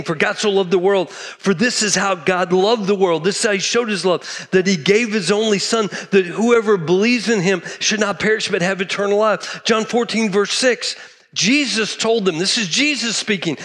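A man's voice: high-pitched, moderate pace, a bit bright. A middle-aged man from Texas, preaching a sermon emphatically and repeating key phrases. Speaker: pastor.

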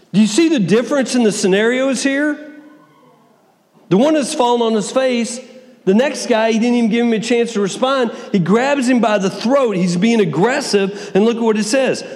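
Preacher guy, high voice, big swings soft to loud, long echo from the hall. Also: normal speed. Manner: lively, wide swings in pitch and loudness, reads scripture dramatically. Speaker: pastor. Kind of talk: sermon.

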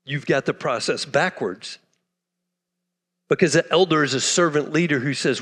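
Male pastor, sermon, fired up, drops to hushed asides; high-pitched, reverberant church hall. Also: moderate pace, slightly rough. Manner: impassioned, swings from loud to hushed. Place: church sanctuary.

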